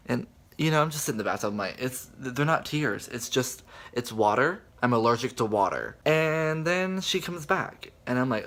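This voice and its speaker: A man's voice: mid-range voice, expressive, normal speed, a bit bright. A young man chatting dramatically about a book in a casual reading vlog, full of fillers. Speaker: book vlogger.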